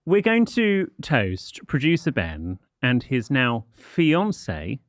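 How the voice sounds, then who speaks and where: A man's voice: medium pitch, huge pitch swings, slow pace, no echo. A man co-hosting a podcast, speaking in an arch, dry and witty way. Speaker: podcast co-host, etiquette expert. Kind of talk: casual podcast banter.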